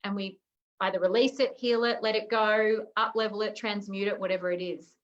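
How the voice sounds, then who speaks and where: A woman naturopath talks about her healing work in a casual interview over a video call. Her voice sits at a middle pitch and comes through dull and lo-fi. She sounds earnest and searching, and pauses often on fillers. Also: steady tone. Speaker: guest, naturopath healer.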